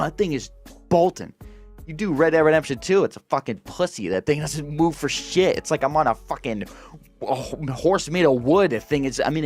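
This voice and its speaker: Exasperated man ranting about a game. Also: medium pitch. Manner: profane, exasperated ranting with many restarts. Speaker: gaming channel host. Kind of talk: casual ranting review.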